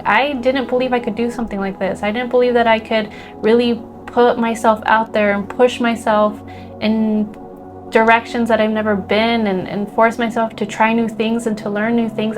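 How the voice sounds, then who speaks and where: Woman spiritual teacher, slightly high voice, earnest and teary, soft music underneath. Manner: earnest, emotional, rambling with many fillers and restarts. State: emotional, near tears. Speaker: spiritual teacher and energy healer. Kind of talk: heartfelt spiritual talk to camera.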